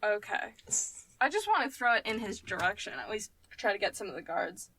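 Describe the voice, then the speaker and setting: A woman playing a tabletop game, casual, excitable, and quick to swear. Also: medium pitch, slight background noise, rough recording. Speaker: player.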